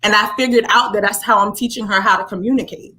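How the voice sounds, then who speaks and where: A woman's voice: medium pitch, fairly even intonation, fast, crowd noise, low-quality recording. A mother talking in a casual group chat, emphatic and repeating her points for stress. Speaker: guest, mother.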